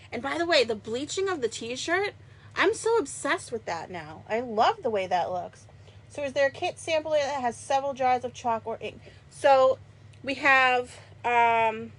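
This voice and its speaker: A woman with a Boston accent and a slightly high voice hosts a live craft stream. She chats eagerly and casually with her viewers as she works with her hands. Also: fairly bright tone. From Massachusetts. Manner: chatty and enthusiastic, talks to viewers while working. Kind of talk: live craft demo chat.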